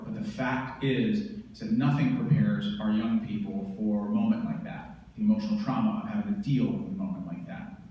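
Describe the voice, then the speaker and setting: A man's voice: medium pitch, darkish tone, recorded from a distance. Man telling a war story in a roomy hall. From United States. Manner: intense, vivid, dramatic retelling. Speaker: veteran speaker. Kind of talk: personal storytelling speech.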